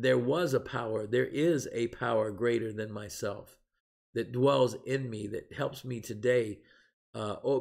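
Gravelly man leading a faith-based recovery class. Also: mid-range voice. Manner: halting, many fillers, rising to emphatic preaching. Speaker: recovery program leader.

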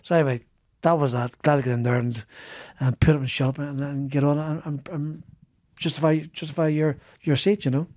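A middle-aged former racing driver from Northern Ireland tells stories in a casual interview, rambling with lots of restarts and repeated words. His voice is on the high side, fairly even, fairly quick, and a little mellow, recorded on a studio podcast mic with studio quality and no room sound.

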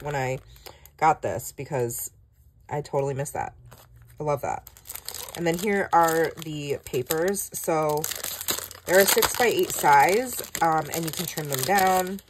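A woman craft vlogger chatting casually through a product flip-through, gushing and excitable with frequent gasps and exclamations. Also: lowish voice.

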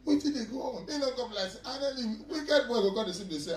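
A male stand-up comedian with a Nigerian Pidgin accent, telling a story in an animated way and acting out other voices. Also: sits high, fast talker, few pauses, echoey room, recorded from a distance. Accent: Nigerian Pidgin English. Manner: animated, acts out voices, laughs often.

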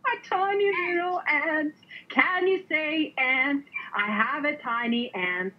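A woman teaching English to a young learner over a video call, speaking slowly with exaggerated, sing-song cheer and playful sound effects. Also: high voice. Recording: muffled lo-fi online call audio.

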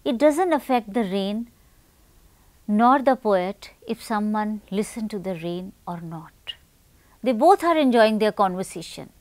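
A woman teaching a class, speaking slowly and deliberately and putting questions to her students. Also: mid-range voice, lively intonation, dry recording. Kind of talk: classroom lesson with poem reading.

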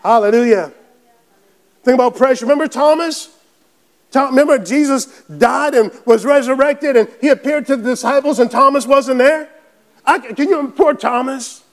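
A man preaching a sermon as pastor, fervent and building to shouts, often repeating words and restarting phrases. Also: extremely high pitch, normal speed.

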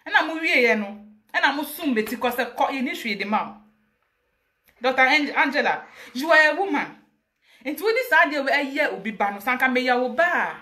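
Passionate high-voiced Ghanaian woman. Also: animated, brisk, bright, forceful tone. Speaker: interview guest. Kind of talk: emotional personal account.

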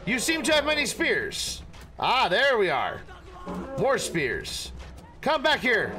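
A man gaming streamer giving let's play commentary, excitable, often yelping, apologizing and swearing when something startles him. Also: very high-pitched, a little slow.

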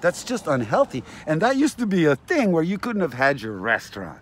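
A man's voice: fairly high pitch, wildly swooping pitch, a little fast. A man giving an agitated, aggrieved ranting monologue to camera, often repeating himself. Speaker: vlogger.

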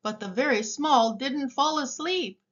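A woman reading a picture book aloud for young children in a slow, expressive way. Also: high voice, highs cut off. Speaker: storybook reader.

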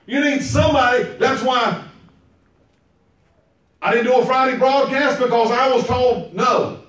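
A man preaching a sermon, emphatic and repetitive, now and then breaking into shouts. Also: very high voice, unhurried. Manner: emphatic, repeats phrases, bursts into shouts. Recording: very echoey room, mic far off.

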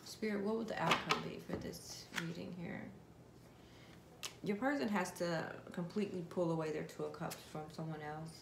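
Gravelly low-voiced woman reading tarot. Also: moderate pace. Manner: chatty, addresses viewers directly, asks spirit questions aloud. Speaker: tarot card reader. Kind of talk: casual tarot reading to viewers. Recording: echoey room with steady background noise.

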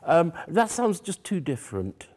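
A man's voice: on the high side, very animated, unhurried, a little mellow. A man coaching a piano student in a masterclass, coaxing and singing phrases aloud to show how they should go. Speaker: piano teacher. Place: music room or hall at a workshop. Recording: piano playing behind.

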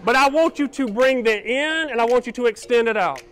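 High-pitched man giving a lively motivational keynote. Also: a little fast, a little hiss or hum. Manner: energetic, call-and-response with the audience. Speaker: keynote speaker. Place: conference hall with a live audience.

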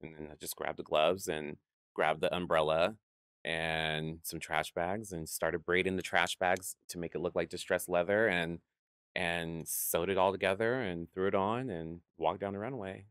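A man's voice: low voice, steady tone, normal speed, fairly bright tone, clean tone, no room sound, studio quality. A man telling stories as a guest in an interview, acting out quoted voices and laughing often. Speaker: guest, drag performer. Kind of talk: storytelling interview chat.

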